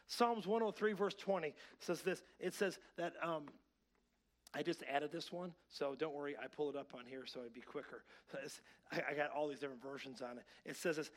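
A man preaching to his church, his voice sitting a little high for a man. He swings from quiet, chatty asides to loud, excited preaching. He wears a clip-on mic in the sanctuary. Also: a little fast. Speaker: pastor. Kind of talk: sermon. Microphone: clip-on mic that keeps slipping.

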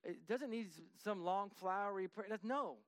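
High-voiced man telling a story. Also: normal speed, dry recording. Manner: lively, acts out dialogue, drops to a hushed voice for quotes; frequent restarts and repetitions. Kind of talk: conversational storytelling.

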